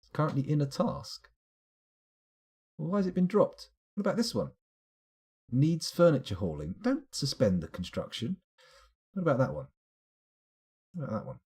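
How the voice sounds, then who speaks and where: A man's voice: on the high side, a little mellow, husky. A man streaming a strategy game live, muttering to himself as he clicks through menus and now and then answering his chat. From United Kingdom. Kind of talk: live gameplay commentary.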